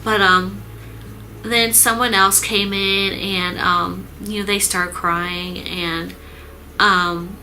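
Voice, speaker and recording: A woman telling a personal story in a vlog, halting and earnest, with many pauses and fillers. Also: mid-range voice, flat delivery, bright, forceful tone, a little hiss or hum, poor audio. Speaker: vlogger recounting her mother's illness.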